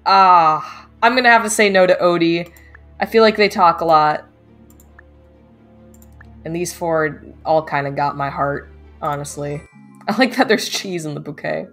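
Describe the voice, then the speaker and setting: A woman streaming a game, playfully reacting aloud with frequent laughter, slightly low voice. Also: measured pace, long pauses, fairly bright tone, faint music behind. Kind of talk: let's play commentary.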